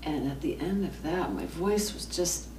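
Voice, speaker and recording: Woman singer, very low creaky fry voice, tired tight throat, echoey room, distant mic. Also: animated. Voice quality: low voice full of vocal fry. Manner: casual, rambling, drawn-out. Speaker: singer asking for vocal advice. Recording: roomy, distant mic, noisy background.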